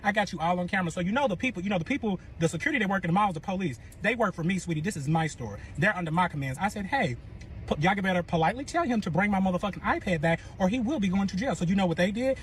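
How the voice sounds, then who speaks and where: A man telling a dramatic personal story in a profane, animated way, acting out what people said. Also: high-pitched, racing, slight background noise. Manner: profane, dramatic, acts out quotes. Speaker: storyteller in a clip.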